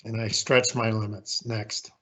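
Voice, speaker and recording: A man's voice: on the low side, level tone, unhurried, pushed and bright, slightly rough. A man in his sixties giving a candid, folksy, self-deprecating leadership talk with slides as a guest speaker.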